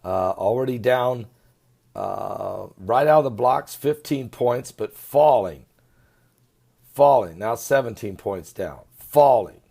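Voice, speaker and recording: A man giving an animated, sarcastic video commentary, swinging between loud emphasis and muttering. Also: medium pitch, takes it slowly, vocal fry, breathy edge. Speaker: online commentator.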